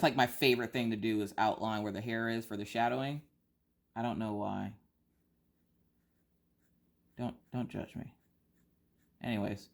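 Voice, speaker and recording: A woman with a slightly stuffy nose chats casually as she colors on camera. She vents in a lively, theatrical way and piles up one rhetorical question after another. Her tone stays easy and conversational. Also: very deep voice, gravelly. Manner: animated, exaggerated rhetorical complaining. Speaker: craft vlogger. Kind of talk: casual chat while coloring.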